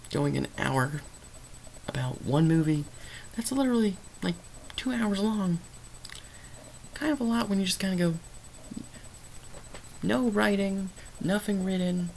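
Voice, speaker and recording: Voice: mid-range voice, vocal fry, a little hiss or hum, rough recording. A movie reviewer rambling through an unscripted review in a loose, stream-of-consciousness way, full of fillers and restarts.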